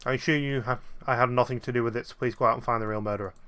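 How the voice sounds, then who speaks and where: A proud, cold aristocratic lady from a puzzle game, haughty and indignant, read by a man. Bright voice, quick delivery. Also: mid-range voice, fairly even intonation, clear, resonant tone, close to an everyday voice.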